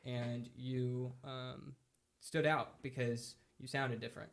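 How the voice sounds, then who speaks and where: A man hosting a podcast, relaxed and chatty in a casual interview. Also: medium pitch, slow pace, gravelly. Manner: relaxed, chatty, lots of fillers. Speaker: podcast host.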